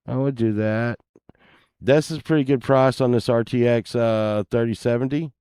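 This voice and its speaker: A man's voice: medium pitch, fairly even intonation, moderate pace, mellow, clean tone, no echo, studio quality. A man chatting casually to viewers while browsing listings, laid-back and mumbling, with muttered asides and cursing.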